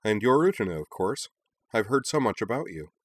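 A man voicing a cheerful, wry young woman who speaks briskly. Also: fairly low pitch, big pitch swings, no room sound.

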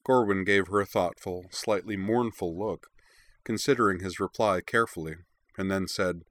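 Deep-voiced man reading a story. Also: fairly even intonation, moderate pace, fairly bright tone, dry recording. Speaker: narrator.

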